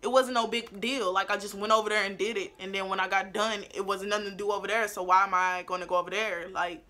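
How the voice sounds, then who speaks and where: A young beauty vlogger tells a casual storytime at a quick pace. She's animated and blunt, swears plenty, and shifts between low asides and loud outbursts.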